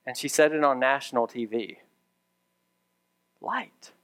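A man's voice: medium pitch, brisk, a bit bright, clean tone. A man preaching a sermon as pastor, conversational with dry humorous asides, building to emphatic raised repetitions.

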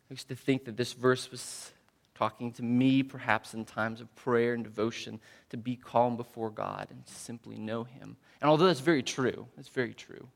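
A man preaching a sermon, dropping to near whispers and rising to loud, proclaiming crescendos. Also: medium pitch, gravelly. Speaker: pastor.

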